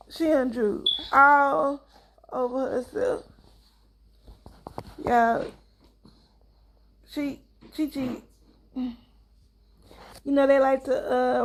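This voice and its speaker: Woman vlogger, young mom, high voice with vocal fry, chatty storyteller, talks to viewers directly. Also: slight background noise. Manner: chatty, addresses viewers as y'all, acts out dialogue. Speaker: vlogger and mother. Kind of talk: casual storytelling to camera.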